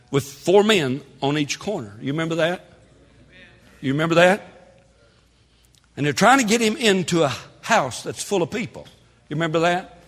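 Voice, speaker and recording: A man preaching a sermon in a church, animated, with sudden shouts and quick asides. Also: fairly high pitch. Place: church sanctuary. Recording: long hall reverb.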